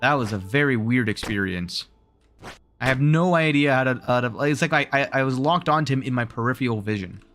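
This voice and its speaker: A man's voice: mid-range voice, expressive, a little fast, a bit bright, soft background music. A man with a Southern drawl giving live gameplay commentary, thinking aloud in rambling self-talk, his voice wearing out. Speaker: streamer.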